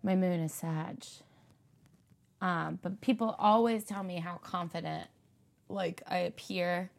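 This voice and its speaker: Woman from the Philly area, casual chatter, gravelly fry in the voice, lively storyteller. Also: lowish voice, takes it slowly. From Philadelphia area. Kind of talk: casual chat.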